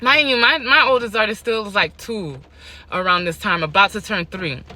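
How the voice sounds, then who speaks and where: A young adult woman telling a personal story on her vlog, animated, repeating lines for emphasis and laughing between them. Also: mid-range voice, normal speed.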